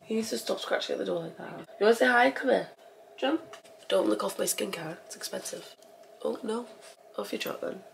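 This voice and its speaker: A woman's voice: medium pitch, fairly quick, creaky, slight background noise. A woman in her twenties from England, chatting casually to camera at home with a stuffy nose from a coming cold. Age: 20s. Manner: chatty, gushing, self-mocking. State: stuffy nose, getting sick. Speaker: vlogger. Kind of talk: casual vlog chat to camera. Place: home, indoors.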